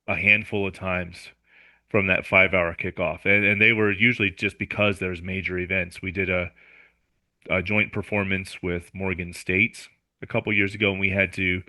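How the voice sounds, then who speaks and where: A man with a very deep voice explains routines methodically as a podcast guest. His tone is sharp and forceful, and the sound is dry and close. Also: flat delivery, normal speed, dry recording. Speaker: music director, guest.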